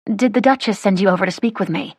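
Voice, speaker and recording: A woman's voice: mid-range voice, fast talker, dry recording, natural voice. Woman voicing a dry, witty young lady. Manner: dry, polite, curt. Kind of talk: audiobook character voice.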